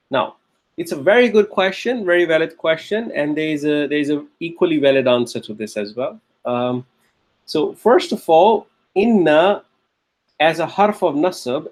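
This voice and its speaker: A man lecturing a grammar class, repeating key phrases and checking in with the students as he goes. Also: fairly high pitch. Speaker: Arabic grammar teacher.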